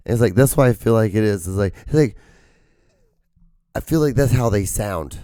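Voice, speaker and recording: A hoarse man who is losing his voice, rambling jokily and with profanity as host of a solo podcast. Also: fairly low pitch, animated, moderate pace, long pauses, mellow, no room sound, clean studio sound. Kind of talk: solo comedic rambling monologue.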